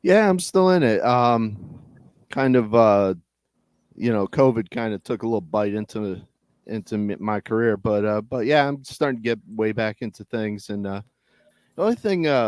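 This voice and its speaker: A man, a musician guest, talking in a relaxed, hesitant way with many fillers on a video call. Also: fairly low pitch, moderate pace, no room sound. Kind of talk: casual interview chat.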